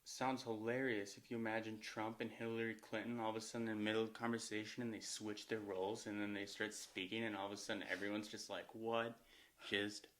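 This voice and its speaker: A young man co-presenting course material, explaining points in a relaxed way with lots of fillers. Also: on the low side, fast, few pauses. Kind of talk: casual discussion of course material.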